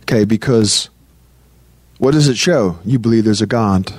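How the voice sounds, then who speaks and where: A man's voice: lowish voice, a little mellow, slightly rough, no room sound. Repetitive, conversational male preacher, dry sound. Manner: repeats phrases, stammers restarts, reads scripture slowly. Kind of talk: sermon.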